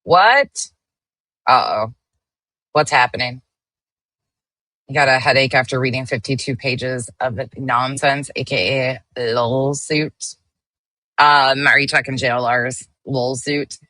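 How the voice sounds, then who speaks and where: A woman's voice: rumbling low, fairly even intonation, unhurried, sharp tone, dry recording. A woman hosting a casual livestream, greeting viewers by name as she reads the chat and speaking bluntly, with the occasional swear. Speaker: livestream host.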